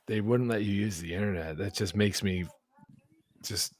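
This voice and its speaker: Low-voiced hesitant male host. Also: moderate pace, no echo. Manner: hesitant, laughing easily, searching for words. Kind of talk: casual conversation.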